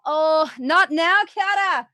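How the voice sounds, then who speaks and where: A woman voicing an angry, scrappy young female vampire who shouts in an exasperated, brusque way. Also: fairly high pitch, big pitch swings, normal speed, dry recording, voice pushed up.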